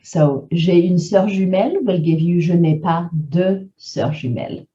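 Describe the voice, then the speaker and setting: A woman teaching a grammar lesson, explaining clearly and mixing in French example phrases. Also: lowish voice, expressive, a little slow, warm tone, dull audio.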